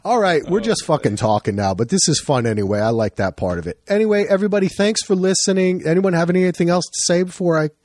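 A man hosting a podcast, chatting casually with friends in an animated, profane, rambling way. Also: high-pitched, fast talker, hardly any pauses, dry recording, clean studio sound. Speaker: podcast host.

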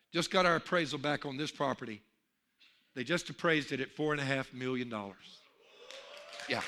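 A man preaching a sermon as pastor, telling jokes with animated energy and calling out for amens. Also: on the high side. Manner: animated storyteller, calls for amen.

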